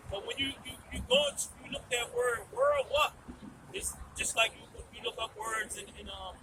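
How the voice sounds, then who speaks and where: A man outdoors reading scripture aloud and explaining it slowly. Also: very high-pitched, distant mic, background noise.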